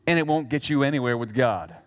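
A male pastor preaching a sermon in an animated way. He swings between loud exclamations and quiet asides and slips in jokes. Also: medium pitch, quick pace, big-room sound.

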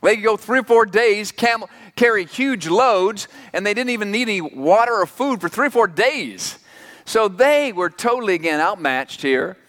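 A man's voice: high voice, expressive, moderate pace, fairly bright tone. A man preaching a sermon in an emphatic, conversational way, asking the congregation rhetorical questions. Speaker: pastor. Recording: reverberant hall.

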